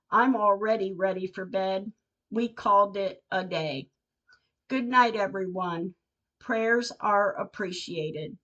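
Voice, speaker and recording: A woman's voice: medium pitch, fairly bright tone. An older woman, a podcast host, reading her personal diary entries aloud in an earnest, heartfelt way. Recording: dull lo-fi recording.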